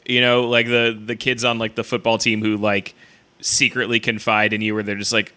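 A man's voice: lowish voice, level tone, normal speed, sharp tone, clear, resonant tone. Rambling man comedian riffing. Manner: rambling, filler-heavy riffing. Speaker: podcast co-host, comedian. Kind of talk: casual comedy podcast chat.

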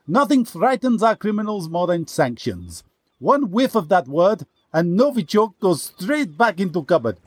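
A man voicing a shady Russian state journalist in a comedy sketch, with a fake Russian accent, broken English and mock-earnest, deadpan menace. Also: sits high, husky, no room sound, exaggerated voice.

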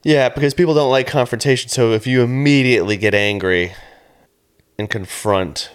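A man's voice: mid-range voice, normal speed, clear, resonant tone. A man co-hosting a comedy podcast, chatting casually, rambling and laughing often as he acts out what people say. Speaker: podcast co-host. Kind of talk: casual chat.

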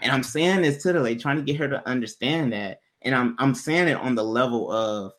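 A man casually telling a personal story to a co-host, in a laid-back, slangy way that turns animated when he quotes people. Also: mid-range voice, a little fast, slight background noise.

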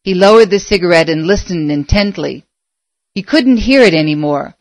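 Low-voiced woman narrating a story. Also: no room sound. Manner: measured, expressive storytelling. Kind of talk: audiobook narration.

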